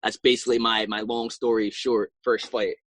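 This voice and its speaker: A young man and professional fighter telling his story in a casual interview, animated and acting out his own past reactions. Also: on the low side, normal speed, no room sound, rough recording.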